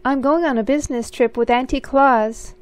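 A woman's voice: high-pitched, fairly even intonation, moderate pace, pitched above the performer's own voice, lightly acted. A woman voicing a curious, determined young girl in a storybook reading, with an eager, insistent manner.

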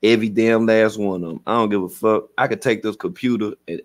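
A man's voice: lowish voice, brisk, few pauses. Profane man ranting on a livestream. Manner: profane, animated storytelling with acted-out quotes. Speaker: livestream host. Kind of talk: casual livestream rant.

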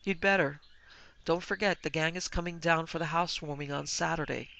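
An earnest young wife, uneasy and a little defensive, as a woman reading the story voices her. Her tone stays close to the narrator's own, bright with a touch of gravel. It is a storybook reading. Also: sits low, a little fast, slight background noise.

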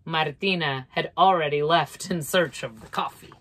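A woman reading a children's picture book aloud, expressive and playful, with asides to listeners. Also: low-pitched, moderate pace. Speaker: storyteller.

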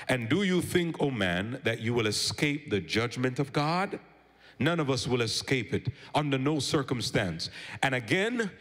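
A man preaching in a church with a long echo trailing each phrase. His voice sits a little high, and he tells stories and calls out for amens. He swings from raised proclamation to low, intense pleading. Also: fairly bright tone. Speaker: pastor. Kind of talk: sermon. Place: church sanctuary. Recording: church hall reverb.

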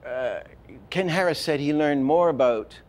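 An older man teaching animation, telling stories in a lively way and acting out example lines, with many restarts. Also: on the high side, unhurried. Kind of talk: lecture with acted-out examples.

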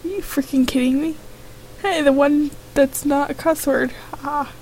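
A woman's voice: sits high, fairly even intonation, a little slow, a little mellow, a little hiss or hum, low-quality recording. A woman playing a game on video, reading the characters' lines aloud in her own voice and breaking in with her own reactions. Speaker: let's play gamer.

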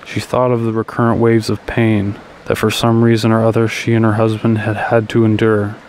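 A man narrating a literary short story in a measured, even reading with occasional slips. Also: fairly low pitch, a little hiss or hum, low-quality recording. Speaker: audiobook reader.

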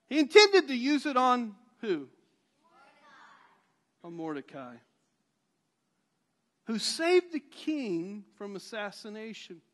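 A man's voice: extremely high pitch, sing-song, takes it slowly, long pauses, a bit bright. A male pastor retelling a Bible story in a sermon, animatedly acting out the characters' voices.

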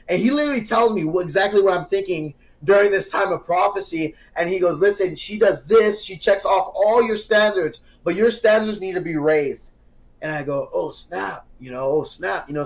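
A young man on a podcast giving an earnest personal testimony, telling it as a story with quoted dialogue and growing animated at the high points. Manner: earnest, grows animated and excited when telling the climax. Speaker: podcast guest. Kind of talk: casual testimony.

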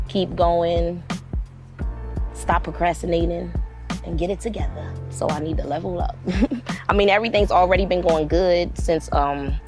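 Excited woman over background music. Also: fairly low pitch. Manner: excited, laughs often. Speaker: program participant in a video. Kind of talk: documentary interview.

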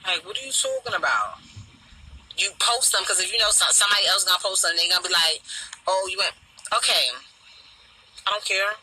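Blunt, profane woman with a deep voice. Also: brisk, long pauses, a little hiss or hum, poor audio. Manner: blunt, profane and mocking, repeating sharp questions. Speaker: panelist on a talk show. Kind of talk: casual chat, ranting.

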